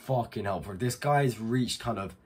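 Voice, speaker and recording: Husky-voiced man doing blunt reaction commentary. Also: fairly low pitch, normal speed, darkish tone. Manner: incredulous, blunt, swears freely. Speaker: reaction video host.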